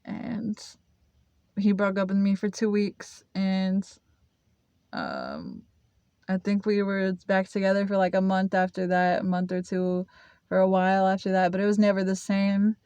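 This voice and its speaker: A young woman telling a personal story to camera in a halting, confessional way, full of fillers and restarts. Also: mid-range voice, dark tone, clear, resonant tone, dry recording, highs cut off. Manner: confessional, emotional. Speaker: vlogger. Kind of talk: casual storytelling.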